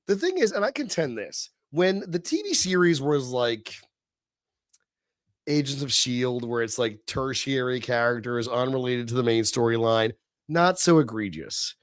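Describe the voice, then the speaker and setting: A man's voice: medium pitch, lively intonation, a little slow, dry recording, clean studio sound. A middle-aged man hosting a livestream, venting in a heated, profane, sneering rant. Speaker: livestream host. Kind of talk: ranting livestream monologue.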